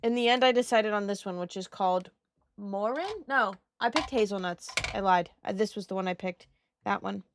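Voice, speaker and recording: A woman's voice: mid-range voice, normal speed, no echo. A young woman streaming while she colors, chatting casually with her chat, giggling and swearing freely.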